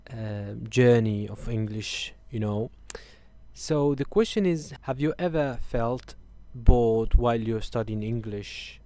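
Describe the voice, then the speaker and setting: A man hosts a relaxed interview, asking his questions in a chatty way full of small fillers. His voice is smooth and clear, and the recording sounds dry and close. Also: mid-range voice, no room sound. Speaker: host. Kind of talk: casual interview chat.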